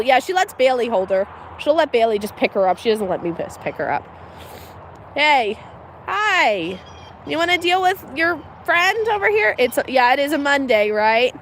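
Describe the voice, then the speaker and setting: A woman with a fairly high, slightly bright voice hosts a casual farm livestream, giggling and chatting with her animals. Some slight background noise is present.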